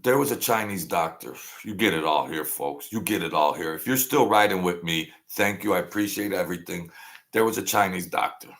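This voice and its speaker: A man's voice: deep voice, brisk, a bit bright. A man in his sixties hosting a live stream, talking casually and rambling to his viewers, often digressing and laughing at his own jokes. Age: 60s.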